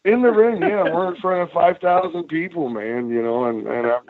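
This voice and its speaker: In a fairly high voice at a moderate pace, a man who was once a wrestler tells road stories as a guest on a podcast. He's a foul-mouthed, animated storyteller who acts out what people said; the casual interview audio is dry and phone-like, with no room sound.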